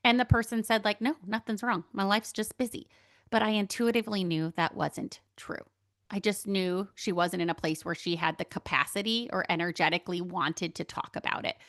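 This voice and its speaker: A woman's voice: medium pitch, steady tone, normal speed, fairly bright tone, no room sound. Chatty woman podcast host, dry sound. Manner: chatty, candid, laughs often, many fillers. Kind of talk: casual spiritual monologue.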